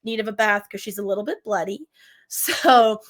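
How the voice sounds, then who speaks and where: A woman's voice: mid-range voice, normal speed. A woman running a tabletop game as game master, narrating in a chatty way full of fillers and easy laughter.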